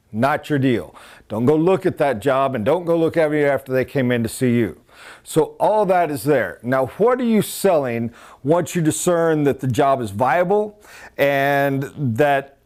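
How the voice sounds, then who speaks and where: A man's voice: medium pitch, a little mellow. A man giving a sales training talk, blunt and emphatic, drilling his points by repetition.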